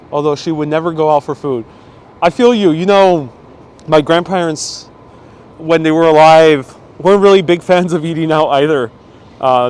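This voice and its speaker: This slightly mellow, higher-pitched male voice belongs to a live walking-tour host who is chatty, laughs a lot and reads out viewer comments as he strolls city streets. He's a little congested, and his wireless clip-on mic catches faint outdoor street noise during the casual stream.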